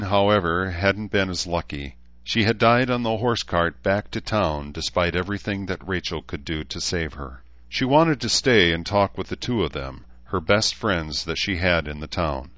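A man reading a story aloud in steady scripted narration, on a dull lo-fi recording. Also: low-pitched, dry recording. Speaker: audiobook narrator.

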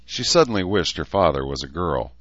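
A man reading a novel aloud as narrator in a steady, even manner. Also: a bass voice, brisk, dull audio. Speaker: audiobook narrator. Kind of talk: scripted narration.

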